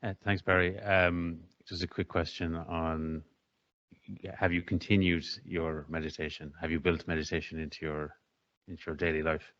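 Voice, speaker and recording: Deep monotone man asking a question, muffled and far away. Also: normal speed. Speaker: audience member asking a question. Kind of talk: question from the audience.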